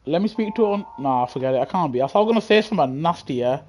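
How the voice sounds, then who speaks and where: A man's voice: fairly high pitch, lively intonation, quick pace, darkish tone. A young British man giving live racing game commentary on a headset, bantering with chat in slang and laughing often. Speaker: gaming streamer. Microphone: gaming headset.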